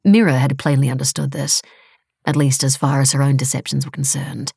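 A woman reading a novel aloud in steady, wry, measured audiobook narration. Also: extremely low pitch, creaky, husky, no echo, clean studio sound.

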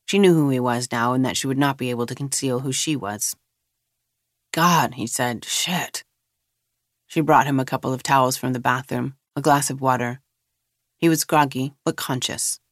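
Measured audiobook narrator, dry sound. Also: mid-range voice, steady tone, no room sound.

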